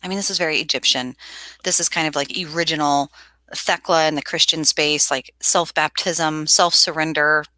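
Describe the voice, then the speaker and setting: Reading chat messages aloud and laughing a lot, this woman runs an animated, casual tarot livestream. Her voice sits low at a moderate pace, with no room sound in the recording.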